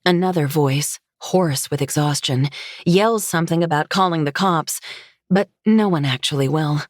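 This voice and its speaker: A woman reading a first-person novel aloud in a steady, low-key audiobook narration. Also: moderate pace, dry recording, studio quality.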